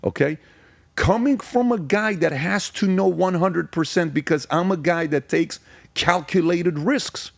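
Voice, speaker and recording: A man's voice: sits high, creaky, dry recording. A middle-aged man from Iran, a podcast guest, telling stories in an emphatic way and hammering points through repetition. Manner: emphatic, rapid-fire repetition. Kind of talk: casual storytelling.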